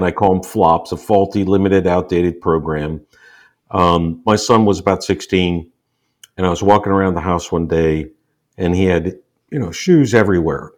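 A man's voice: low-pitched, a little mellow. A man in his sixties, a podcast guest, telling personal stories in an earnest, explanatory way and repeating points for emphasis. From United States. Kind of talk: conversational storytelling.

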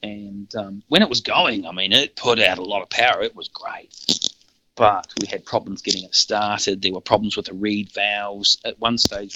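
A man's voice: fairly low pitch, dull audio, background noise. A middle-aged New Zealand man with a New Zealand accent, telling stories casually as a podcast guest, rambling and laughing with frequent restarts. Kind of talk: casual storytelling.

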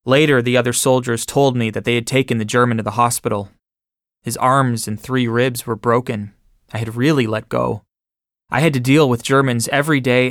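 Guy reading a war memoir, measured delivery, mid pitch, super dry studio sound. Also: dry recording. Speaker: audiobook narrator. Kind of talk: first-person memoir narration.

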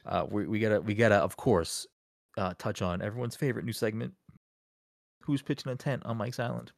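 A man's voice: lowish voice, steady tone, fairly quick, vocal fry, no room sound, studio quality. A man hosting a casual podcast chat, playfully quizzing a friend and teasing him. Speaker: podcast host.

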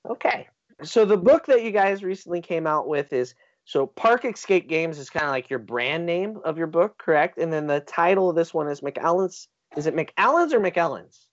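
A man's voice: a little high, expressive, moderate pace, dry recording. A man hosting a casual podcast, joking about himself in a loose chatty way. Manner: self-deprecating, joking. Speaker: podcast host. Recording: dry, dull lo-fi audio.

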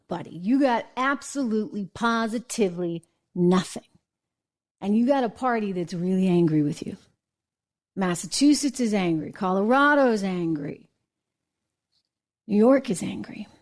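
A woman's voice: medium pitch, lively intonation, moderate pace, a little mellow. Emphatic woman hosting a political show. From New England. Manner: emphatic, conversational, asks viewers "right?" and "okay?". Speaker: political talk show host. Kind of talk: opinion monologue.

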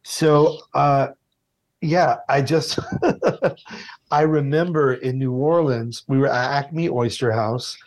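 A man telling a story in a casual interview, lively and animated. He swears easily and slips into other people's voices. His pitch sits in the middle range and the sound is clean. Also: slow pace. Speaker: TV food show host, interview guest.

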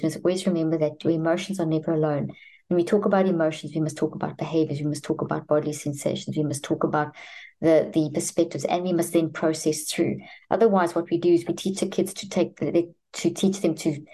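A woman's voice: deep voice, warm tone. A woman speaking as a guest expert in an interview, explaining earnestly and with emphatic repetition. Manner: earnest, emphatic, repeats herself.

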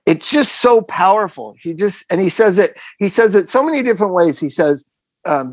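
An animated man chatting on his own podcast, his pitch swinging widely as he presses his points. He repeats phrases for emphasis. The sound is dry and close. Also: moderate pace, dry recording. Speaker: podcast host. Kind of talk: casual podcast chat.

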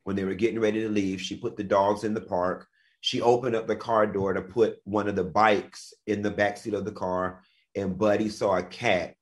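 A man's voice: on the low side, little pitch movement, moderate pace. A man co-hosting a casual talk show, telling weekend stories in a flamboyant, playful way. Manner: flamboyant, playful, dramatic storytelling. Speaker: co-host. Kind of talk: casual chat.

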